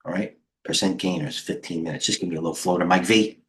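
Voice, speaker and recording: Middle-aged male trading coach, low-pitched, loose and excitable, riffs on charts to his viewers. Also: fast. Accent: New York. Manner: rambling, excitable, chatty with viewers. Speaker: trading coach hosting a livestream. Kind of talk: casual live market commentary.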